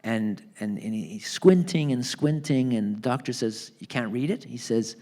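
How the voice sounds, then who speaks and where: A man telling a family story in a live onstage book talk, acting out the people in it with lively voices. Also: mid-range voice, moderate pace, hardly any pauses. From Canada. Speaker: author being interviewed. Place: theatre stage.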